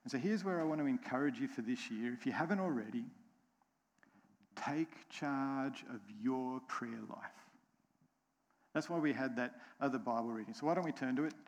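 A man with an American accent preaching a sermon to his congregation, slow and emphatic, repeating key phrases and putting questions to the room. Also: mid-range voice. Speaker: pastor. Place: church sanctuary. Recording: long church hall reverb.

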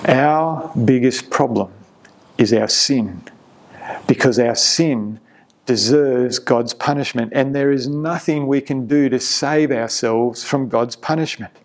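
Slow, gravelly-voiced man preaching. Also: mid-range voice. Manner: earnest, emphatic preaching with repeated words. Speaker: pastor. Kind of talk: sermon.

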